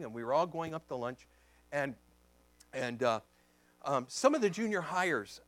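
A man preaching as a pastor, telling a story in an animated way and acting out the voices in it. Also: a little high, no echo. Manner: animated, acts out voices in his stories. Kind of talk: storytelling sermon.

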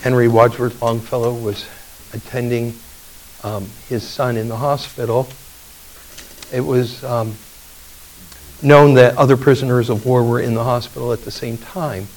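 A man preaching a communion sermon, telling a story in a halting way with fillers. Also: medium pitch, steady tone, a little mellow, recorded from a distance, a little hiss or hum, low-quality recording. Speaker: pastor.

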